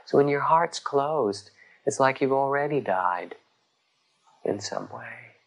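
A man giving a dharma talk as a meditation teacher, gentle and reflective, pausing often and rising in emphasis on key words. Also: medium pitch, lively intonation, gravelly, low-quality recording.

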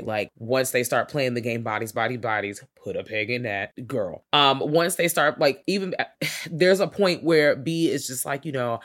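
Expressive man co-hosting a podcast. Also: medium pitch. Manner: expressive, backs his co-host up with quick agreement. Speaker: podcast co-host. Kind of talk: casual film review chat.

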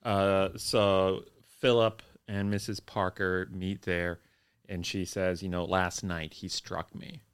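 A young man co-hosting a casual chat, recapping a plot with wry, deadpan humor. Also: low voice, slow, clear, resonant tone. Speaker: podcast co-host.

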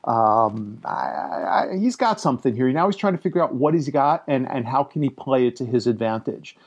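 Male co-host, husky, animated pitch, wry emphatic podcast chat. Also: moderate pace, lo-fi sound. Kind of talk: casual chat about a film.

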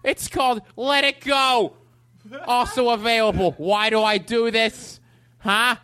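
A man's voice: extremely high pitch, steady tone, a little slow, clean tone, dry recording, clean studio sound, voice pushed up, exaggerated voice. A man doing a foul-mouthed ranting comic. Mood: mock cheerful. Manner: profane, ranting, shouting at nobody.

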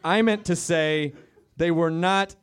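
A man on a comedy club stage telling a quick, profane story and then introducing the next comedian. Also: a little high, fairly even intonation, clean tone. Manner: quick, self-correcting, profane banter. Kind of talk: stand-up set and act introduction. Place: comedy club stage before a live audience.

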